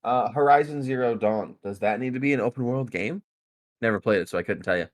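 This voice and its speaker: A man's voice: medium pitch, fast. A man co-hosting a podcast in casual chat, teasing and pushing his co-host with banter.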